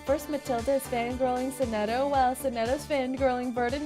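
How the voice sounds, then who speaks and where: A woman streamer reading a game's story aloud and reacting with excitable commentary. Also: sits high, brisk, hardly any pauses, faint music behind. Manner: excitable, reads story text aloud, bursts into loud reactions. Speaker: streamer playing a game.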